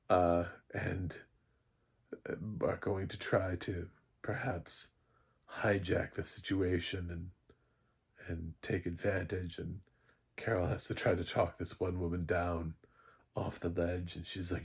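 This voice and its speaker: A man with a fairly low, husky voice talks through a TV episode in a loose, chatty recap. He rambles, circles back on himself and chuckles at his own jokes as a critic. His speech sounds a little rough and breathy. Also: steady tone, takes it slowly, pauses often. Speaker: film critic. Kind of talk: casual spoken TV recap.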